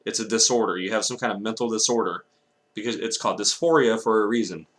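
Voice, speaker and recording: A man's voice: lowish voice, fast, a bit bright. A young man from Texas ranting angrily in a vlog, swearing often and breaking off to apologize. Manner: angry, profane ranting with apologetic asides. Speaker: vlogger.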